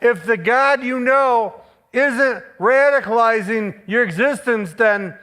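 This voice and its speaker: A man preaching a sermon. He speaks emphatically, repeats key phrases for stress, and moves between forceful declarations and playful asides. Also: very high-pitched, slow.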